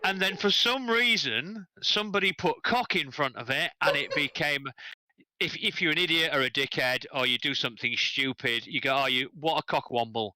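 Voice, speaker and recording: A man's voice: fairly high pitch, a little fast, hardly any pauses, sharp tone, dry recording, low-quality recording. A man with an English accent, telling stories in a wry, dry way during a casual livestream chat. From England.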